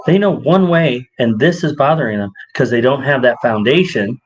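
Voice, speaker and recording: A man's voice: moderate pace, rough recording. A man co-hosting a casual podcast chat, telling stories and acting out quoted voices with a lot of energy. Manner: animated storyteller, acts out quotes with rising pitch. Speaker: podcast co-host.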